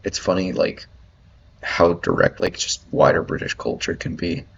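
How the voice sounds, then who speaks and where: Brief: very deep, husky man, rambling profane rant, dull lo-fi sound. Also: moderate pace, a bit bright. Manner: rambling, profane, lots of "like" fillers. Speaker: commentator reading an article aloud. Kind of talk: ranting commentary. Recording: dull lo-fi audio.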